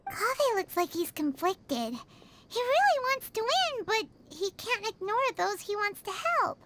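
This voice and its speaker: A chirpy high fairy companion. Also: female voice, sing-song, unhurried, fairly bright tone, slight background noise, full character voice. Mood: thoughtful. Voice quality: very high, sing-song. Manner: chatty, wide-eyed questions. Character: tiny floating fairy-like girl companion, chirpy and curious. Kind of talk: game dub voice acting. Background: game music.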